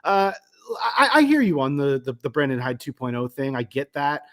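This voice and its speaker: Halting man talking baseball. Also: medium pitch, sing-song, a bit bright. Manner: hesitant, many restarts and repeated words. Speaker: sports podcast co-host. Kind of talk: casual sports talk.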